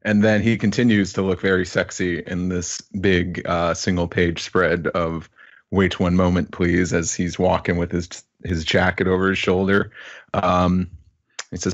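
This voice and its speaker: Deep deadpan podcast man. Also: a little slow, muffled recording. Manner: dry deadpan quips. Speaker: podcast co-host. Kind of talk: casual chat.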